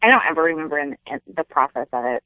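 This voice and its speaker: A woman's voice: low-pitched, racing, dry recording. Laughy woman on a phone call, tinny line, voice bouncing all over. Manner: giggly, lively. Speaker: phone guest. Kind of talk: casual phone chat.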